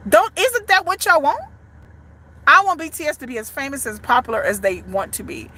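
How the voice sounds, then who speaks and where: A woman with an extremely high, sharp, expressive voice speaks briskly. A fan content creator for a band, she delivers a blunt, profane, emphatic rant as commentary for her channel.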